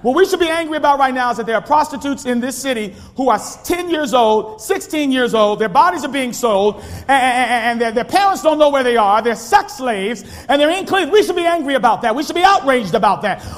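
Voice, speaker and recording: A man preaching a sermon in a church, calling out to the congregation and swinging from shouting to quiet storytelling. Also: very high-pitched, lively intonation, brisk, few pauses. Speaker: pastor. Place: church sanctuary. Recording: long hall reverb.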